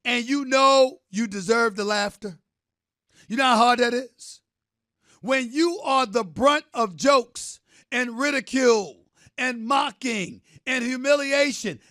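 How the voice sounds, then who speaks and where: A man hosting a sports debate show, delivering a theatrical, emphatic rant, often shouting and repeating phrases for effect. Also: very high-pitched, dry recording, studio quality. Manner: drawn-out repetition for effect. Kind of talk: impassioned sports talk rant.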